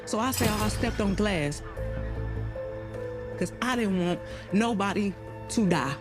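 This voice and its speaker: A woman voicing an adult woman who bluntly recounts being shot, in profane first-person narration for an animated video. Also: mid-range voice, measured pace, natural voice. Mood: shaken. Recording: narration over loud music.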